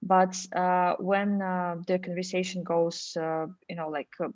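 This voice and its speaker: A woman's voice: fairly low pitch, little pitch movement, a little slow, darkish tone, no echo. A woman hosting an interview, framing questions hesitantly with many fillers. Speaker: host. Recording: dry, dull lo-fi sound.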